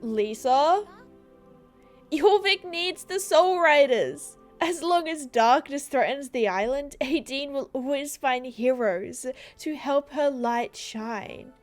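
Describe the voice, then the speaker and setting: A kind, brave young heroine from a fantasy horse game, earnest and caring as she offers help, read aloud by a woman. Her voice is high and measured. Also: animated, faint music behind. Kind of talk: reading game dialogue aloud.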